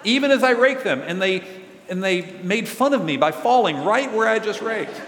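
Questions go out to the congregation as a man preaches with earnest, conversational warmth, his high, slightly bright voice expressive and at normal speed. The recording comes from a large, echoey church hall with a long reverb tail.

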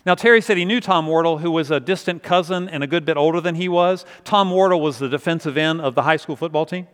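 A man's voice: a little high, fast talker, smooth. A male pastor preaching a sermon in a church sanctuary, telling stories in a conversational way and repeating words as he goes. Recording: long reverb of a large hall.

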